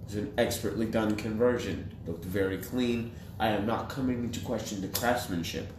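A man co-hosting a podcast, ranting in profane casual banter that swings between loud outbursts and low mutters. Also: fairly quick. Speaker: podcast co-host. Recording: echoey room with faint noise.

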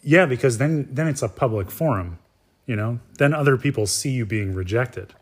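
A man co-hosting a casual podcast chat, with dry, deadpan sarcasm. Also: medium pitch, normal speed, breathy edge. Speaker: podcast co-host. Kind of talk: casual chat about a reality show.

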